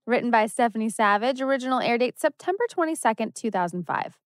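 A woman's voice: fairly high pitch, expressive, dry recording. A woman co-hosting a podcast, playful in casual chat and reading a short synopsis aloud. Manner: playful, quick to laugh. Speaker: podcast co-host.

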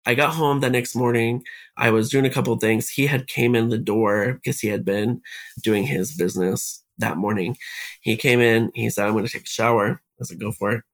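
A man with a husky, breathy voice recounts what happened to him as a podcast guest. He talks at a middling pitch and walks through the events in order, quoting each exchange along the way. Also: fairly even intonation, normal speed. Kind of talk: telling a personal story.

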